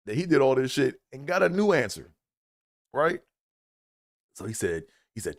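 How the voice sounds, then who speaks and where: A young man with spins a childhood story, swearing freely as he goes. His voice sits at an ordinary pitch but climbs sharply whenever he acts out a quote. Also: normal speed, pauses often. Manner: profane, animated, acts out quotes in a raised voice. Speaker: comedic storyteller. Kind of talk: casual storytelling monologue.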